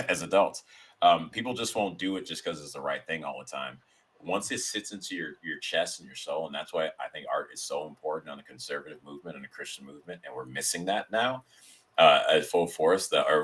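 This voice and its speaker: A man's voice: a bass voice, a little fast, fairly bright tone, husky. A man guest on a podcast chatting casually, telling stories in a rambling way with frequent restarts. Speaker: guest, sketch comedian. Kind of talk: casual interview chat.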